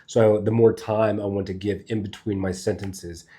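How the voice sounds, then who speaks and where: Relaxed, low-voiced man teaching casually. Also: moderate pace. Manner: loose and conversational, swears casually, thinks aloud. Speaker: speaking coach. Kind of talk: casual spoken lesson to camera.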